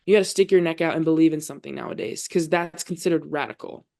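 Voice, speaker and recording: Her voice sits low and sounds creaky and somewhat dark, and she moves at a quick pace. She's a young college volleyball player guesting on a podcast, earnestly sharing her faith in relaxed conversation and peppering it with "like."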